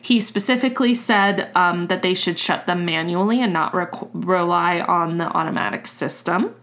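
A woman hosting a podcast, recounting a story in a relaxed, chatty way and swearing casually. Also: fairly low pitch, normal speed. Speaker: podcast host.

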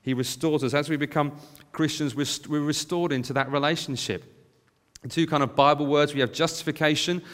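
A man's voice: a little high, fairly bright tone. A man in his thirties preaching a sermon in a church hall, talking in a conversational way and telling stories about his young family. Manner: conversational storytelling with family anecdotes. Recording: long hall reverb.

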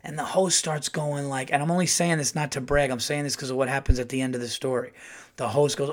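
Animated New comedian, storytelling. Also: male voice, fast. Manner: animated, acts out quotes in a louder higher voice. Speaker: comedian telling a story on his podcast. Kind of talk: casual storytelling.

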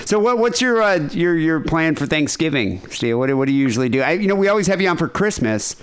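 A man's voice: fairly high pitch, very animated, fast, clean tone. A man hosting a show, chatting casually in a rambling way, with frequent restarts and laughs. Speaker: podcast host. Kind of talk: casual chat.

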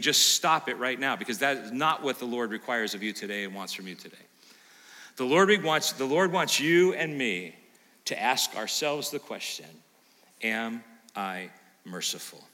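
Pastor, male, very bright tone; lively sermon with asides to the congregation, long church reverb. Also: medium pitch, normal speed. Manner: animated, plays out imagined listener lines, quizzes the congregation. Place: church sanctuary.

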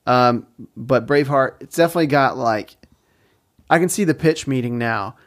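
A man's voice: medium pitch, normal speed. A young adult man co-hosting a casual podcast chat, rambling and laughing often mid-sentence. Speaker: podcast co-host.

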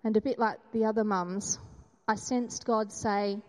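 A woman's voice: mid-range voice, steady tone, unhurried, long reverb tail. A woman in her thirties giving a candid, self-deprecating personal testimony at a church gathering.

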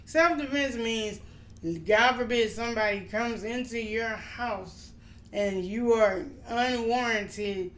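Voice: medium pitch, takes it slowly, fairly bright tone. A person talking firmly in a casual chat, laying out points in detail and agreeing often. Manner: firm, explanatory, agreeing often. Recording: roomy echo, faint background noise.

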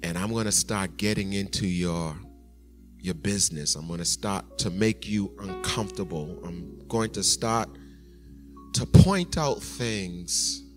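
A pastor preaching a sermon and telling a story, animated, with sudden soft, quiet asides. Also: male voice, sits low, a little slow, soft background music.

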